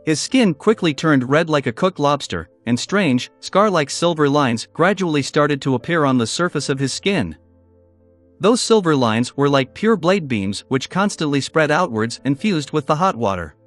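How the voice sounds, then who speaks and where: A man narrating a fantasy novel in an even, unhurried reading. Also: a little high.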